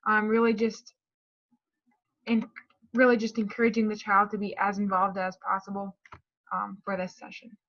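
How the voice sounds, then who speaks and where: A woman explains a speech therapy lesson plan at a mid pitch. She reads from a prepared script and stumbles and restarts now and then. The recording sounds dull and lo-fi. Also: completely flat delivery, normal speed, pauses often, fairly bright tone.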